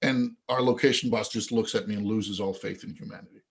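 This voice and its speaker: A man guest on a podcast interview, telling an anecdote with lively acted-out dialogue. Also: lowish voice, brisk, gravelly. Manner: animated storyteller who acts out quoted dialogue. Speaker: guest, event organizer.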